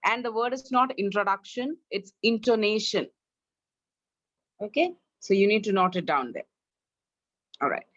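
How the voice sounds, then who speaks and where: A woman's voice: mid-range voice, big pitch swings, normal speed, long pauses, a bit bright, no room sound, lo-fi sound. Indian woman teaching an online English class. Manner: corrects pronunciation, drills students. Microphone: online class, video call.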